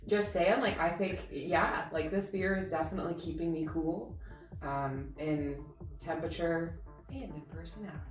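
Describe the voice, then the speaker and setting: A woman's voice: low-pitched, moderate pace, recorded from a distance. A woman co-hosting a casual beer-review chat, giggly and teasing. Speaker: co-host. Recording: roomy, off-mic, faint music.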